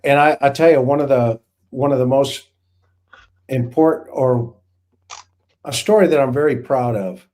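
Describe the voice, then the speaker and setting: A man with a warm, mellow voice tells a long story in casual conversation. He rambles and restarts, piling on vivid detail. His pitch sits in an ordinary middle range. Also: normal speed, long pauses. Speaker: former hostage negotiator. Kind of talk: casual anecdote telling.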